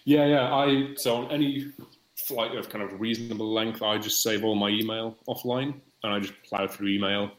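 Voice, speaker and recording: A man's voice: on the low side, fairly even intonation, normal speed. A man, a podcast guest chatting in a wry, rambling way. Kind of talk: casual podcast chat. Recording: echoey room.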